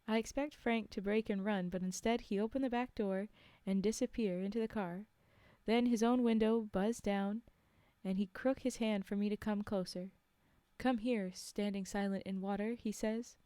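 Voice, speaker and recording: A woman reads a story aloud on a livestream and chats with her listeners in between. Her voice is mellow and smooth. The sound is close and dry. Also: mid-range voice, normal speed, dry recording. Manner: relaxed, chatty, with asides.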